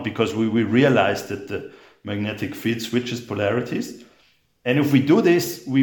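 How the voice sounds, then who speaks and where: A man explaining rock dating as a guest in a conversation, halting and repeating his words with many fillers. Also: on the low side, reverberant. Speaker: geologist guest.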